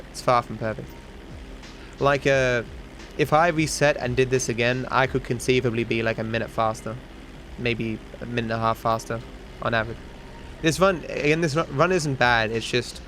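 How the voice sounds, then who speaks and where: A man's voice: mid-range voice, moderate pace, fairly bright tone, a little hiss or hum. A man with an Australian accent chatting casually while streaming a speedrun, rambling and correcting himself often. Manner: rambling, many restarts and self-corrections. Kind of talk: casual livestream commentary.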